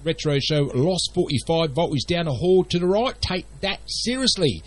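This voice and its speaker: A man putting on a deliberately bad Cockney accent as a music journalist. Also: a little high, expressive, pitched above the performer's own voice, lightly acted. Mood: mocking. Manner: jokey, deliberately bad impression.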